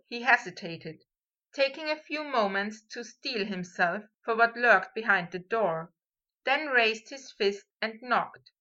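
A woman narrating a fan fiction story in a measured, expressive way, on a dull lo-fi recording. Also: a little high. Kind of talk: fan fiction audiobook reading.

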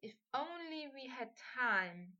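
A woman's voice: medium pitch, expressive, takes it slowly, pushed and bright, muffled recording, heavily acted. A woman voicing Draco, a snappish teen wizard. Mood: soft. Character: teenage boy wizard, sharp-tongued, impatient. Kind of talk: audiobook fan fiction reading.

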